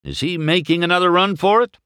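A man doing a gruff old roadster, stern and muttering, with a clipped drawl. It is a storybook turn, from a man recorded close and dry. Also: on the low side, sing-song, unhurried, a bit bright, no room sound, voice pushed up. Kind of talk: storybook reading.

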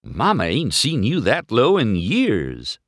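A man's voice: medium pitch, huge pitch swings, takes it slowly, fairly bright tone, dry recording, clean studio sound, voice pushed up, exaggerated voice. Man doing a cooing flirty lady car, sassy and playful, storybook. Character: flirty sassy woman car, middle-aged. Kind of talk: storybook reading.

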